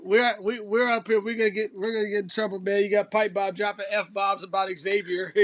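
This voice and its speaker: A man's voice: high-pitched, steady tone, fairly quick, few pauses, a bit bright, no room sound. A man co-hosting a casual podcast, joking loosely and teasing his partner. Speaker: podcast co-host. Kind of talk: casual chat.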